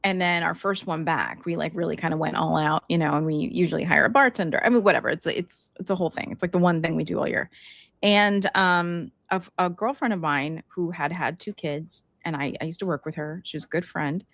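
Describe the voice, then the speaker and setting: Middle-aged woman co-host, lowish voice, dry close sound, rambling casual chat. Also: a little fast, creaky, a bit bright, no room sound. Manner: chatty, lots of likes and you-knows, laughs easily. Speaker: podcast co-host.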